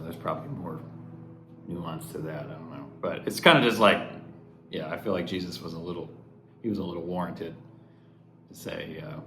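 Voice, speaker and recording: A man's voice: low-pitched, moderate pace, long pauses, pushed and bright. A man giving an earnest, conversational devotional reflection, often restarting his thoughts. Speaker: devotional speaker. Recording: roomy echo, faint background noise.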